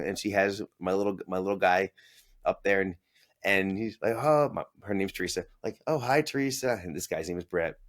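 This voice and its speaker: A fairly low-pitched man in his forties, a business owner, tells his story in a casual interview. He acts out the voices of people he quotes and laughs often.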